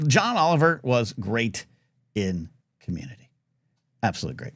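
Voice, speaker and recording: Animated gravelly-voiced male talk host. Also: medium pitch, unhurried, pauses often, no echo, clean studio sound. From United States. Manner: animated, rambling, reads out chat comments. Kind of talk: casual live talk radio chat.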